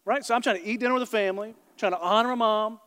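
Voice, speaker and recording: A man with a high, bright-pitched voice preaches to a packed church. Long reverb trails each phrase through the big hall, and he tells stories with lively asides to the crowd. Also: clear, resonant tone. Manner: animated storytelling, quick asides to the congregation. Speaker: pastor. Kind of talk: sermon. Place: large church auditorium before a congregation.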